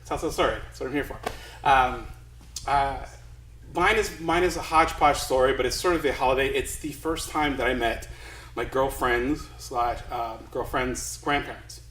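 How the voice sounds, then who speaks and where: A man's voice: medium pitch, moderate pace, fairly bright tone, echoey room, low-quality recording. A man from Los Angeles telling a comic story to a live crowd, chatty and self-deprecating, rambling along. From Los Angeles, USA.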